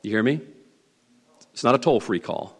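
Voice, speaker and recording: A Southern man preaching with a swooping, animated delivery. He teases the congregation and leans hard on repeated lines. His voice rings out with a long reverb, as from a large hall. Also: mid-range voice, moderate pace, breathy edge. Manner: folksy, teasing, emphatic preaching with repeated lines. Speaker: pastor. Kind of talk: sermon.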